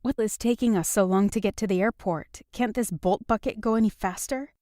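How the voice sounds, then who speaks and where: A woman's voice: mid-range voice, fairly quick, warm tone, no echo, studio quality, close to an everyday voice. A woman voicing an upset young woman who is defensive and sarcastic in an audiobook. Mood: angry. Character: upset young woman, guarded and sharp-tongued. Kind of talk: audiobook dialogue reading.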